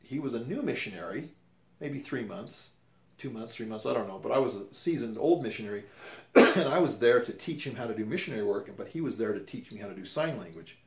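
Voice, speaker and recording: A man's voice: medium pitch, expressive, fairly quick, darkish tone. A man in his fifties casually telling a personal story, rambling and correcting himself as he goes. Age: 50s. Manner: rambling, self-correcting, conversational. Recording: roomy echo.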